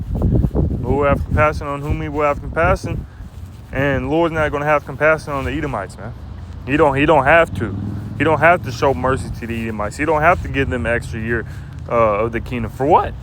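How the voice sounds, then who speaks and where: A man preaching informally and reading scripture aloud, casual and halting, often ending lines with "man," recorded outdoors in a city. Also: medium pitch, fairly even intonation. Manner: casual, repeats "man" at line ends, halting fillers. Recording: loud wind and traffic noise outdoors.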